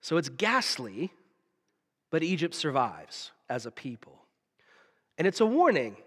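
A man from the preaching a sermon, telling stories with dramatic pauses and drops to a hush. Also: on the high side, wildly swooping pitch, slightly rough. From Southern United States. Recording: long reverb of a large hall.

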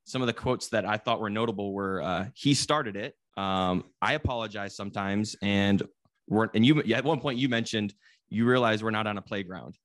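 A man's voice: on the low side, normal speed, fairly bright tone. A man co-hosting a casual podcast, talking loosely, swearing and laughing easily. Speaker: podcast co-host. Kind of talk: casual chat and interviewing.

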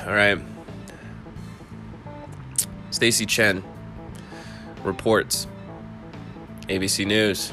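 A man hosting a casual political podcast in a monotone voice, rambling with laid-back asides while reading an article aloud. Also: on the low side, measured pace, pauses often, over music. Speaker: podcast host.

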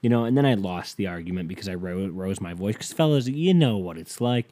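With a dark, expressive voice on the low side, a young man recounts a story at normal speed. He rambles, curses freely, and keeps starting his sentences over.

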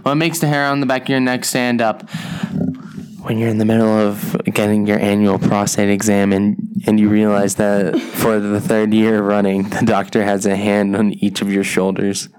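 Grumbling low-voiced man. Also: moderate pace, a little hiss or hum, low-quality recording. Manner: grumbling, swearing, deadpan. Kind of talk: casual group chat.

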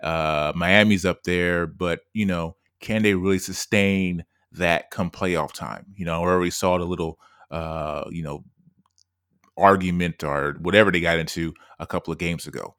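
A man co-hosting a sports podcast, making his points in a measured way with many fillers. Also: low voice, steady tone, fairly bright tone, smooth, no room sound, studio quality. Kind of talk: casual sports debate.

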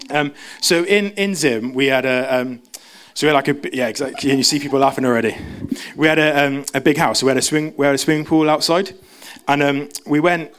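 A young man preaching a casual sermon in church, chatty and self-interrupting, acting out quoted voices in a raised pitch.

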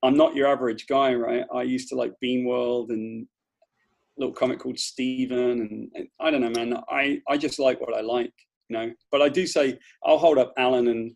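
A man's voice: mid-range voice, normal speed, creaky. A man with a British accent from Britain, a guest in a casual interview, talking emphatically and animatedly about his views and career. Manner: emphatic, animated storytelling with mimicked voices. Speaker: comics writer and former editor, guest.

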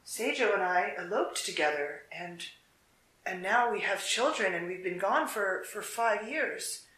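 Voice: medium pitch, animated, measured pace, sharp tone. A storyteller voicing a young husband in a folk tale, earnest and apologetic. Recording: echoey room.

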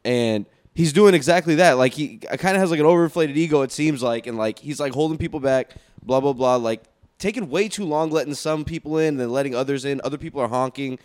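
A man's voice: fairly high pitch, a little fast, a little mellow. A young man in casual, profane chat, telling stories and laughing.

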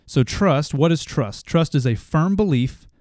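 A man's voice: on the high side, lively intonation, unhurried, darkish tone, no echo, studio quality. A man in his thirties hosting a motivational podcast, telling a family story in an earnest way that grows passionate. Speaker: podcast host.

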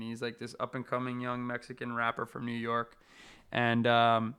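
A man's voice: mid-range voice, a bit bright, clean tone. Swearing young man ranting. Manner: heated, swears a lot, drops to a mutter. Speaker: fighter hosting a talk show. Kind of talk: casual profane rant.

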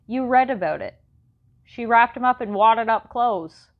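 A woman voicing a scrappy, rude boy with squeaky, scornful outbursts in an audiobook. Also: normal speed, phone-quality sound, natural voice.

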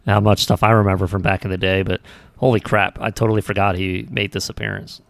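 A man co-hosting a casual wrestling podcast, talking in a relaxed, halting way. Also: lowish voice, gravelly, no room sound. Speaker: podcast co-host.

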